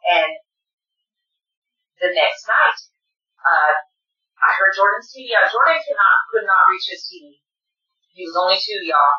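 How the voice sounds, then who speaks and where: A woman's voice: medium pitch, lively intonation, a little slow, long pauses, sharp tone, recorded from a distance. A woman, telling a personal story in an emotional, earnest way, often close to tears. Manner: tearful, earnest, addresses listeners directly. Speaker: guest. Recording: echoey, dull room sound from off-mic.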